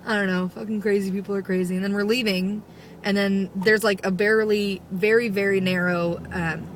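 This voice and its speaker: A woman's voice: medium pitch, level tone, fairly quick, a little hiss or hum, low-quality recording. A young woman vlogger ranting casually, profane, sarcastic and exasperated. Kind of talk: casual rant.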